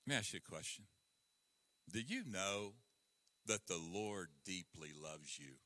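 A male pastor preaching a sermon, swinging from loud emphasis to hushed tones. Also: deep voice, expressive, unhurried, no room sound. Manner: breaks into hymn lines.

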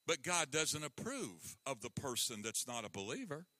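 A male pastor preaching a sermon, swinging from loud emphasis to hushed tones. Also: medium pitch, sing-song, moderate pace, no echo. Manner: breaks into hymn lines.

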